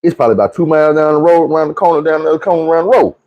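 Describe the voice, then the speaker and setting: A man's voice: fairly high pitch, racing, dull audio. A man telling a comic personal story in a casual, profane way, acting out the quoted voices. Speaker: storyteller host.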